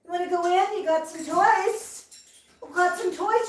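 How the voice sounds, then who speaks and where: A woman's voice: very high-pitched, normal speed. A woman playing catch with her pet birds and talking to them in doting baby talk. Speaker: pet parrot owner. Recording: echoey room with clear noise.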